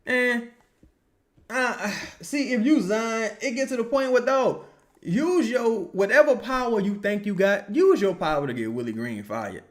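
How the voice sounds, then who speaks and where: A young man giving casual, profane live reaction commentary on a basketball game, answering viewer questions and yelling at plays. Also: high voice, a little slow. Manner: profane, animated, yells at plays. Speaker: live game watch-along streamer.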